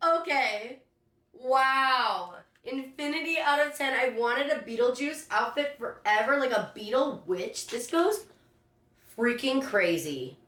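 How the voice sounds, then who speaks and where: A woman's voice: fairly high pitch, fairly bright tone. A young woman vlogger chatting through an unboxing, gushing and effusive. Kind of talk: excited unboxing chat. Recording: echoey room, voice from a distance.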